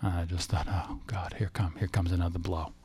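Gravelly low-voiced man telling a personal story. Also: little pitch movement, warm tone. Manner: halting and emotional, with frequent restarts. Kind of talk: personal testimony.

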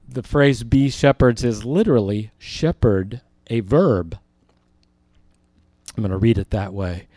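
A man's voice: mid-range voice, animated, slow pace, mellow, no room sound, studio quality. A man, a pastor, teaching through a Bible passage and reading verses aloud with earnest emphasis.

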